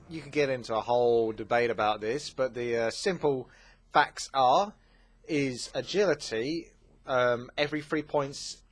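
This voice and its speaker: A man hosting a gaming channel, casually answering viewer questions, chatty and full of fillers. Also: mid-range voice. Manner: chatty, with many fillers and quick asides. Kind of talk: casual Q&A commentary.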